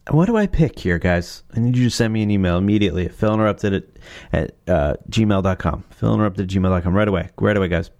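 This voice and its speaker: This host's voice is low-pitched and darkish, with lively intonation, a fast pace and the highs cut off. He chats loosely about horror movie themes, wandering, self-correcting and swearing in passing, over faint background music.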